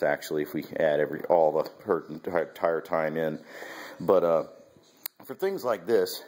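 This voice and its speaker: A man with a low, husky voice talks casually to camera about training his dog. He rambles, with plenty of fillers and restarts. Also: a little mellow. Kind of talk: casual instructional vlog. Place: at home, then outdoors with a dog.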